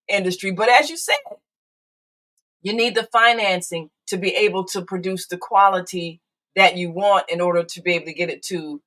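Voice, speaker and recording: A woman's voice: mid-range voice, rough recording. Chatty older woman hosting a call-in show. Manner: warm, chatty, with frequent fillers and restarts. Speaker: show host.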